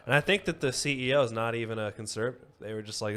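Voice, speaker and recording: A male podcast co-host trading jokes in a studio, talking quickly and cutting in over the others. His voice is an ordinary middle pitch, with a loose, conversational delivery. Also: noisy background. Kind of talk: casual chat.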